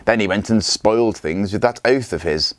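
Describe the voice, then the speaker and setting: A man's voice: on the low side, normal speed, no echo, close to an everyday voice. A man reading as a mocking Viking warlord. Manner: mocking, smooth-talking menace.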